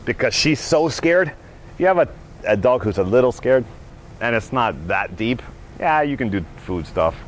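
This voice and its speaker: A man instructing on dog behavior, with a voice that swings widely in pitch. He talks outdoors, and faint background noise sits under him. He keeps checking in with his listeners. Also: moderate pace. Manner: animated, acts out dogs' thoughts, keeps asking "right?". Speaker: dog trainer. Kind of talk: teaching a class.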